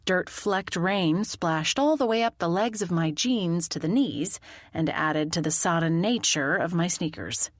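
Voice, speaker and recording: A woman narrating a mystery audiobook in the first person, with expressive, lively storytelling. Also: on the low side, a little slow, no room sound, clean studio sound.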